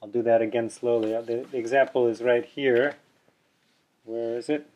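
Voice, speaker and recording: Speaking at normal speed in a steady, darkish mid-range voice, a language teacher patiently explains and demonstrates sounds in a video pronunciation lesson. He chats casually and catches his own mistakes now and then. Dull lo-fi audio comes from a camera mic seen in the video.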